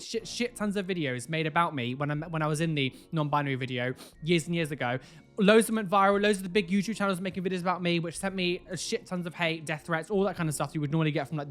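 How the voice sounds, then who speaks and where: A man's voice: a little high, fairly bright tone. Sarcastic man venting. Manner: exasperated, sarcastic, swears freely. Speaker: reaction video host. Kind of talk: casual reaction commentary.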